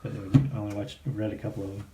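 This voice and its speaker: A man co-hosting a podcast, explaining comics in a relaxed, meandering way. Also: lowish voice, fast talker, distant mic. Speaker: podcast co-host. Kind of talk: casual chat about comics. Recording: roomy room, faint noise.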